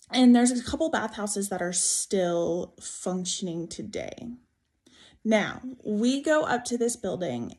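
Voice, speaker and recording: Woman, young adult, earnest storytime narration, chatty with lots of fillers, middle pitch. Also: darkish tone. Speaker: storyteller in a played clip.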